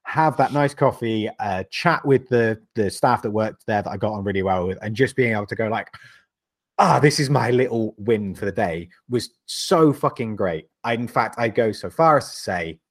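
A man's voice: on the low side, lively intonation, moderate pace, few pauses. A man from the UK co-hosting a podcast, telling a rambling, sweary story with frequent laughs. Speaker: podcast co-host. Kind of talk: casual chat.

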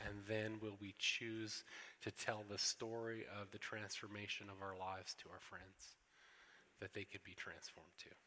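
Guy preaching earnestly, bright ringy voice, long hall echo. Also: lowish voice, level tone. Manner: earnest, emphatic, with repeated slowed phrases. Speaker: pastor. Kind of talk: sermon. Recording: echoey hall.

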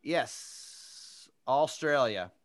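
A man co-hosting a podcast in casual chat, trading quick jokes and banter. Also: medium pitch, expressive, fairly bright tone, dry recording. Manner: joking, quick-witted banter.

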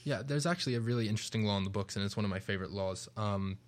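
A man's voice: fairly low pitch, rapid-fire. A young British man with a British accent, co-hosting a casual radio discussion, earnest and reflective. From Britain. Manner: reflective, earnest, speeds up when making a point. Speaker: radio show co-host.

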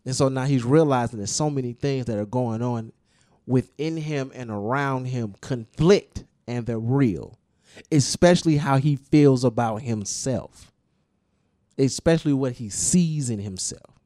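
A man hosts a casual podcast chat and explains at length, repeating points for emphasis. His voice is mid-pitched and mellow. The sound is close and dry. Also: unhurried, no room sound. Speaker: podcast host discussing music.

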